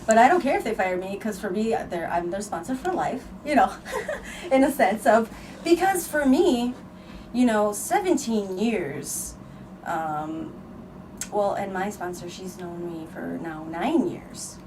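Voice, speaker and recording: A woman hosting a podcast, speaking with frank, emotional candor and the odd curse word. Her voice sits at a middle pitch and sounds set back from the mic. There is clear background noise throughout. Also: animated, unhurried, distant mic. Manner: emotional, earnest, frank with occasional swearing. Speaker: podcast host. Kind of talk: candid conversational storytelling.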